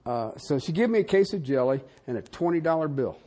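An older man preaching a sermon, animated and conversational, with frequent asides to the congregation. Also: fairly quick. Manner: animated preaching with wide swings in pitch and loudness, asides to the audience. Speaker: pastor.

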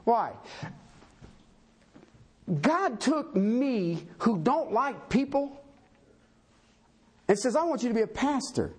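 Folksy pastor with a husky voice. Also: male voice, very high-pitched, very animated, takes it slowly, long pauses. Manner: folksy, self-deprecating humor with rhetorical questions. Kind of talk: sermon.

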